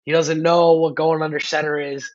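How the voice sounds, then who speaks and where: A man's voice: on the high side, little pitch movement, dry recording, highs cut off. A man co-hosting a sports podcast, talking bluntly and speeding up when riled about his team. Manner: blunt, opinionated, fast when heated. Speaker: podcast co-host. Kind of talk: casual sports chat.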